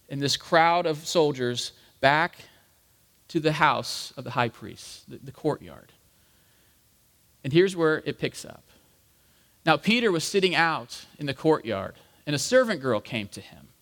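A pastor with a slightly high, fairly bright male voice preaches a sermon conversationally, explaining as he goes and using frequent fillers. A long hall reverb surrounds the recording.

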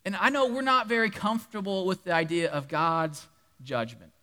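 A man delivers a sermon in a high, bright, forceful voice, spinning a Bible story with playful asides. His words ring through the long reverb of a church hall. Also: normal speed. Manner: animated, humorous storytelling with asides to the congregation. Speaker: preacher.

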